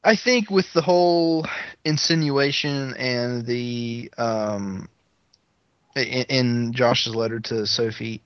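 Halting man on a dull lo-fi mic. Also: medium pitch, fairly bright tone, dry recording. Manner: halting, hesitant, filler-heavy. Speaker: podcast co-host. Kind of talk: casual chat. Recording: dull dry lo-fi sound.

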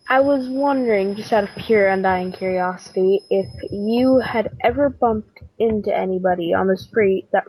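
A woman's voice: medium pitch, darkish tone, breathy edge, no echo, rough recording. A woman leaving a voicemail for a podcast, speaking shyly and tentatively. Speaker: voicemail caller. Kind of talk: phoned-in voicemail.

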